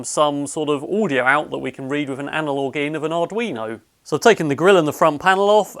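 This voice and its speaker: A man casually narrating a technical robot build, explaining each step in a relaxed way with some fillers. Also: medium pitch.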